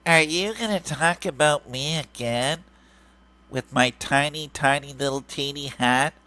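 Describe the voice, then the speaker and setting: A man's voice: fairly high pitch, unhurried, sharp tone, dry recording. A man putting on a mocking nasal voice for a greedy, whiny male grifter who keeps begging for money. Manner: mocking, sing-song and repetitive. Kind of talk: mocking impression.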